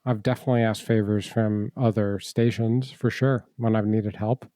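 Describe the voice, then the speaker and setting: Mellow, thoughtful man in casual chat. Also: lowish voice, steady tone, normal speed, dry recording, clean studio sound. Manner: thoughtful, hedging, many fillers. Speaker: podcast co-host, cook.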